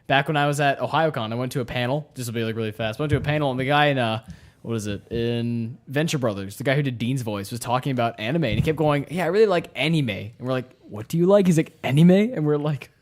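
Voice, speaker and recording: A young man co-hosting a casual podcast chat, jokey and quick with anecdotes. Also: medium pitch. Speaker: podcast co-host.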